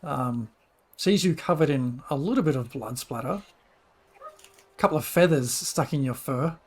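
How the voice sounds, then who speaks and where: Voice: mid-range voice, lively intonation, measured pace, slight background noise. A game master narrating a tabletop game in a casual way, breaking into laughs between descriptions.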